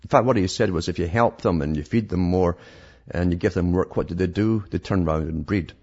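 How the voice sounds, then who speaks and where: A man with a low, darkish voice and a breathy edge talks a little fast, delivering a sarcastic, rambling talk-host monologue as he reads news articles. He keeps restarting his sentences, and the recording sounds dull and lo-fi.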